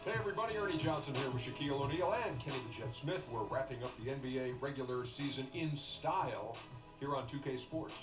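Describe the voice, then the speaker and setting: A brisk sports studio host voiced by a man, mid-pitched, who ribs his panel. The sound is roomy, with clear music running under him. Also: natural voice. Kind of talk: scripted sports show hosting. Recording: roomy game audio with music.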